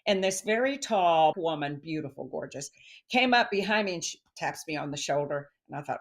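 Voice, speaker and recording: Lively storytelling woman, low voice. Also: moderate pace. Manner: animated storyteller, acts out quoted voices. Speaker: guest, stress expert. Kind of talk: casual interview chat.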